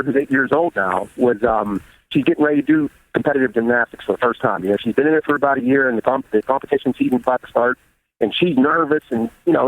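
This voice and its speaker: A bodybuilder in his thirties, a guest on the show, tells stories in a candid, animated way with a lot of swearing during a casual interview. His voice is mid-range, and the dry recording sounds narrow and tinny.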